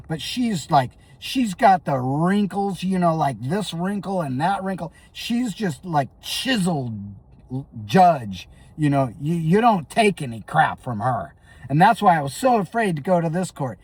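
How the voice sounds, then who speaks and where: A man's voice: fairly high pitch, a little mellow, slightly rough, dry recording, far from the mic. Rambling, stammering man telling a comic tale. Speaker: comedic storyteller. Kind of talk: comedic character monologue.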